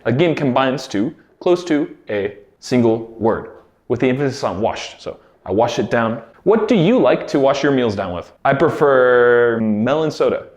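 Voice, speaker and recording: Lively-voiced man teaching English phrases. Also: medium pitch. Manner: clear, deliberate explaining, slows down to model phrases. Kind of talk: English pronunciation lesson. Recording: roomy echo.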